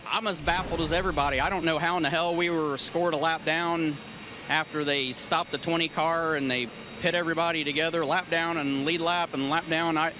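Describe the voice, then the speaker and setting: An exasperated racing driver speaks bluntly in a post-race interview, his voice slightly high. Clear background noise from outdoors at the track sits behind him. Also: steady tone, brisk.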